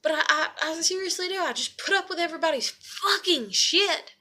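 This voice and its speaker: A woman's voice: very high voice, a little fast, pushed and bright. A woman, venting to camera in a profane, repetitive rant. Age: adult parent. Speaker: vlogger. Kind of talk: emotional venting monologue.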